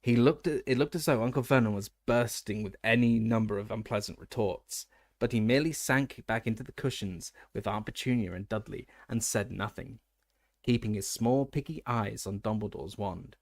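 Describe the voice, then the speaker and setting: A man reading an audiobook aloud at a steady pace, with occasional stumbles and self-corrections. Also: on the low side, moderate pace, dry recording. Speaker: audiobook reader. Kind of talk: audiobook narration.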